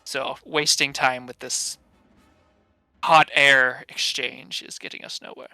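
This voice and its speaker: A man's voice: medium pitch, level tone, takes it slowly, creaky, sharp tone, clean tone, no echo, soft background music, heavily acted, poor audio. A man voicing a blunt adult male noble adventurer who talks in a dry, businesslike way. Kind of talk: in-character role-play.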